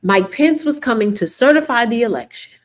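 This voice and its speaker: A woman's voice: fairly high pitch, animated, brisk. A woman hosting casual political commentary, sarcastic and emphatic, repeating her points for the viewers.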